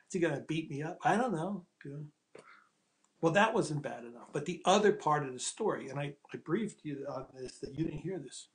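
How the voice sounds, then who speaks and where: A middle-aged man, a screenwriter, telling a long anecdote in a lively way, acting out other people's lines and swearing casually. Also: on the high side, normal speed. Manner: acts out quoted dialogue in changed voices, swears casually. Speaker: screenwriter and ghostwriter telling his story. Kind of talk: animated anecdotal storytelling.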